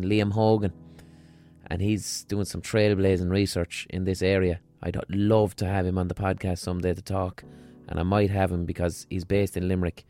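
A podcast host from the south of Ireland speaks in a lowish voice with a Munster Irish accent. He delivers a blunt, emphatic monologue and swears freely. Faint music plays behind him. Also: darkish tone.

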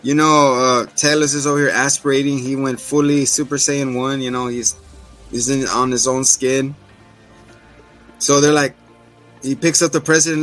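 A man hosting a casual podcast recap, laughing often and acting out scenes in quick voices. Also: mid-range voice, fairly even intonation, fairly bright tone, soft background music. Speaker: podcast host.

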